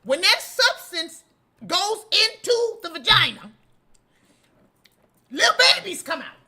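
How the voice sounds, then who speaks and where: A woman's voice: very high-pitched, very animated, slow pace, sharp tone. A middle-aged woman hosting a casual commentary show, sassy and scolding, breaking into laughs as she lectures. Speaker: host.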